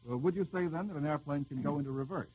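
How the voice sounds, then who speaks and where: A man hosting a live radio quiz show, teasing the panel with quick jokes as he reads out the questions. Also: a little high, highs cut off, a little hiss or hum.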